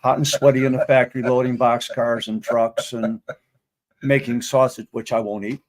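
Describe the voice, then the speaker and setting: A man's voice: mid-range voice, flat delivery, normal speed. An older man telling rambling stories about his working life in a casual interview. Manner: rambling storyteller. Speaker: guest, veteran.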